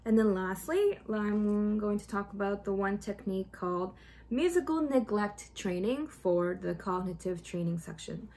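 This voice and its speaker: A young woman explains music therapy techniques in a casual, friendly tutorial manner. Her voice sits at a middle pitch with a noticeable gravelly fry. She fills pauses with ums as she goes. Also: mellow. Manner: chatty, frequent ums, sings short demo phrases.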